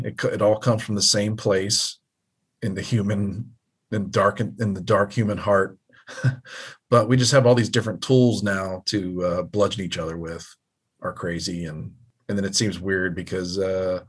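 A man's voice: low voice, husky. A man co-hosting a podcast, rambling in a laid-back way and swearing casually. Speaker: podcast co-host. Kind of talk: casual chat.

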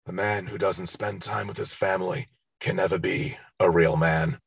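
A man doing a rough impression of an old mafia boss speaking solemnly, in a movie recap. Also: low-pitched, fairly even intonation, normal speed, no echo, studio quality, exaggerated voice.

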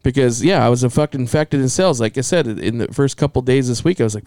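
A blunt man ranting in a loose podcast chat, full of swearing and straight talk. His voice sits at an ordinary middle pitch. The sound is dry and close, with no room around it. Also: fast, few pauses, darkish tone, no echo. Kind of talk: casual chat.

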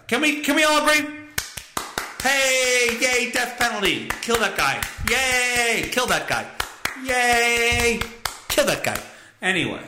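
A man's voice: extremely high pitch, pushed and bright, echoey room, a little hiss or hum, rough recording. A man hosting his own podcast, ranting in a crude, profane and joking way. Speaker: podcast host. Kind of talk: solo comedic rant podcast.

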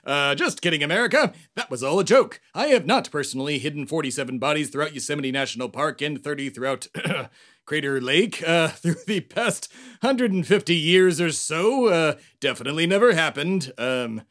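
A man's voice: on the high side, lively intonation, normal speed, fairly bright tone, no echo, clean studio sound. A man hosting a satirical comedy podcast, delivering a pompous, over-the-top patriotic monologue in character.

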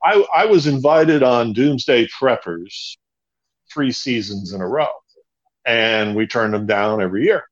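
A man's voice: mid-range voice, lively intonation, a little slow, highs cut off. A man being interviewed as a guest, talking emphatically, hammering points home by repeating words. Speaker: bunker company founder, interview guest. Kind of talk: conversational interview.

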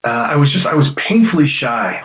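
A middle-aged hypnotist and comedian rambles through stories in a casual interview, poking fun at himself. His voice runs on the high side with big pitch swings and a quick pace, and the recording sounds roomy and tinny, like a phone.

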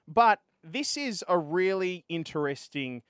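An Australian man hosting a casual gaming podcast, out of breath and energetic. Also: high voice, a little slow, smooth, dry recording, studio quality. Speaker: podcast host.

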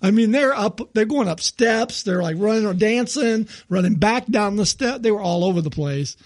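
An older man co-hosting a podcast, chatting casually, laughing often and clearing his throat a lot. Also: high voice, animated, moderate pace, no room sound. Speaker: podcast co-host. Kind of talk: casual chat.

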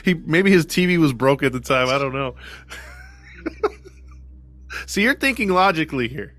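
A man's voice: fairly high pitch, lively intonation, moderate pace, long pauses, fairly bright tone. A man hosting a podcast, retelling a case in casual chat, acting out the quoted voices with frequent laughs. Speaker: podcast host.

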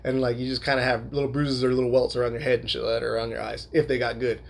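A man's voice: mid-range voice, flat delivery, racing, creaky. A young man casually telling a long personal story, rambling with lots of fillers and frequent swearing. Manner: laughs while telling.

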